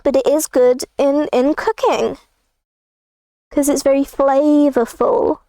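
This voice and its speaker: Woman streamer, playful rambler, high-pitched, dry close recording. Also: fairly even intonation, slow, dark tone, no echo. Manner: rambling, playful, jokey asides. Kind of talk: casual livestream chat while drawing.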